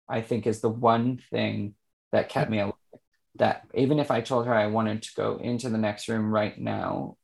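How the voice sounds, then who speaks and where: A man, an author and interview guest, speaking candidly and reflectively, often pausing and restarting his sentences. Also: fairly low pitch, vocal fry, darkish tone. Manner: reflective and halting, with frequent restarts.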